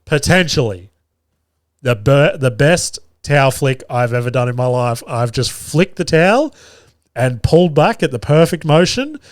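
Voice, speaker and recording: A man in his thirties tells a story from home, swearing freely and laughing as he goes. His voice sits at a middle pitch and sounds close and dry, with no room around it. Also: normal speed, no room sound. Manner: animated, profane anecdote-telling with frequent laughter. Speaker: podcast host. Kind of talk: casual storytelling.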